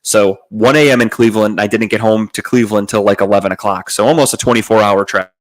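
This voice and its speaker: A man's voice: on the low side, fairly even intonation, fast. Cursing man telling a rambling story. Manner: profane, rambling, with frequent fillers and restarts. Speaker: podcast host. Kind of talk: casual storytelling.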